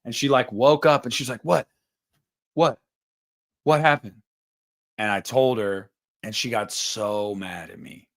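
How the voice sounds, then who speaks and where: A man's voice: lowish voice, moderate pace. A man in his thirties hosting a livestream, chatting casually in a rambling, profane and joking way. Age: 30s. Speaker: livestream host.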